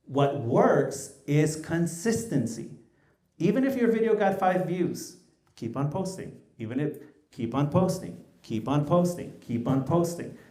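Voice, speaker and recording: Male panel guest, with asides, warm low tone, echoey hall. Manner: mixes English and Mexican Spanish, lively anecdotes. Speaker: small business founder, panel guest. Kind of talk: animated panel storytelling.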